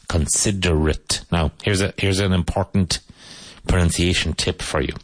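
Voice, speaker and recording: A man hosting a radio-style English lesson, repeating words slowly and pointing out which syllable takes the stress. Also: sits low, no echo. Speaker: English teacher.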